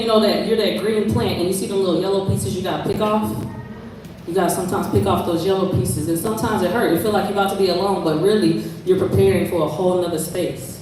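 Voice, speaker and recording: A woman's voice: mid-range voice, fast, darkish tone, a little hiss or hum. A woman performing spoken word poetry live on stage, moving from rhythmic poetic lines to loose, casual talk with the crowd. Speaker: performing poet. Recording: very echoey room, voice from far off.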